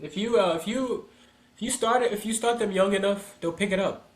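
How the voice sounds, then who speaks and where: Man, soccer dad co-host, a bit higher voice, animated storyteller. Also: fairly quick. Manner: animated storyteller, acts out quoted people. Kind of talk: casual chat.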